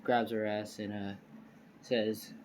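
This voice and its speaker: A man's voice: lowish voice, little pitch movement, slow pace, a little hiss or hum, rough recording. A man improvising a fan story aloud, rambling with many fillers and restarts, recorded on a phone. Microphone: phone screen recorder.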